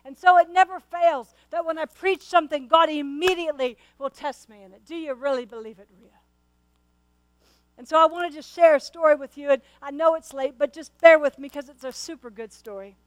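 A woman's voice: high-pitched, brisk, few pauses, dry recording, low-quality recording. A middle-aged woman pastor preaching a sermon and telling a personal story to her congregation. She talks in an earnest, conversational way and often repeats and restarts her words. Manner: speaks to the congregation directly.

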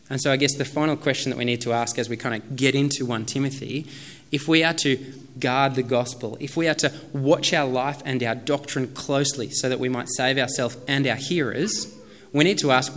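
A man in his thirties preaching a sermon as a pastor, in a casual, conversational way with many fillers. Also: medium pitch.

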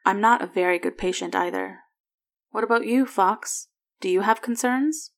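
A woman's voice: mid-range voice, moderate pace, lightly acted. A woman voicing a guarded, dry-witted pregnant doctor in a story reading. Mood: wry.

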